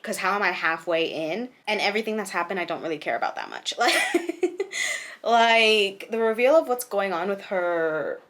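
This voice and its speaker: A young woman in her twenties with a bright, crisp voice, talking straight to camera about a book she disliked. She rants frankly and with exasperation, breaking into laughs between points, in loose, casual chat. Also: mid-range voice. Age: 20s. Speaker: book reviewer.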